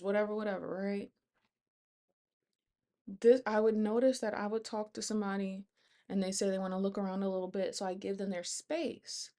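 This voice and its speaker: A young woman chats to her camera in a relaxed storytime vlog. She talks in a conversational way and slips into quoted dialogue as she retells what happened. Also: medium pitch. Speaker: vlogger. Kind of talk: casual storytime chat.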